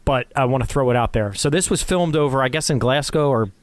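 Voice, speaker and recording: A man's voice: medium pitch, brisk, no room sound. A man hosting a casual film discussion podcast, steering the talk and reading critics' quotes aloud. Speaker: podcast host.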